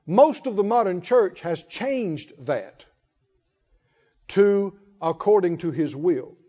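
A man's voice: high voice, expressive, slow pace, dark tone. A man preaching a sermon in a folksy way, calling out to the congregation. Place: church hall. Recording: muffled hall reverb.

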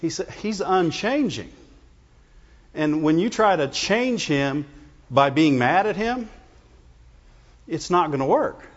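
A man's voice: on the high side, expressive, slow, long pauses. A man preaching a conversational sermon to his congregation, often checking in with "Amen?" and "Right?". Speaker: pastor. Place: church sanctuary. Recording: dull reverberant church recording.

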